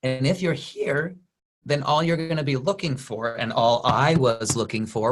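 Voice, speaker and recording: A man giving a motivational talk as a business coach on a group video call, telling stories with lively energy and acting out quoted voices. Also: mid-range voice, normal speed.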